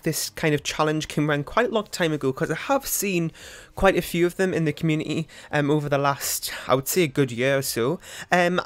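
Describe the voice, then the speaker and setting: Young British man, gaming YouTuber, casual rambling commentary, a touch high-pitched. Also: fairly bright tone. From United Kingdom. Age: young adult. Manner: chatty and rambling, many ums and likes. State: out of breath. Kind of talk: casual commentary over a speed build.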